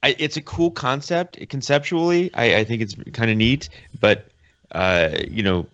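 A man's voice: medium pitch, normal speed, a bit bright, dull audio. A man co-hosting a podcast in casual chat, thinking aloud with stammering restarts. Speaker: podcast co-host.

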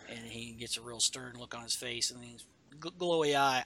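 A man's voice: medium pitch, moderate pace, vocal fry, a bit bright. A man co-hosting a casual chat, rambling through a comic book story with stumbles and self-corrections. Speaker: podcast co-host.

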